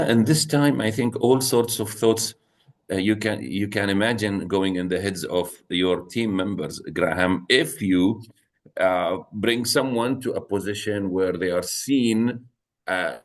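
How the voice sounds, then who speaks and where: A man co-hosting a leadership discussion, hesitant, often pausing to search for words. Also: fairly low pitch. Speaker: co-host. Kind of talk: casual podcast discussion.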